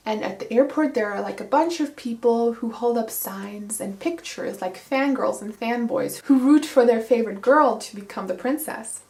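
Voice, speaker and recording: A woman's voice: on the high side, normal speed, hardly any pauses, a little mellow, reverberant. Sarcastic young-sounding woman recapping a book. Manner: sarcastic, casual, lots of 'like'. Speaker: book reviewer.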